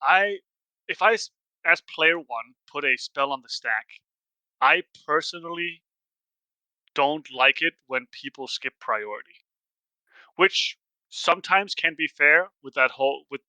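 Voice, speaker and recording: A man's voice: fairly high pitch, a little slow, pushed and bright, no room sound, rough recording. A man with a Danish accent chatting casually as a guest on a podcast, talking things through step by step. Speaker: podcast guest, Commander player.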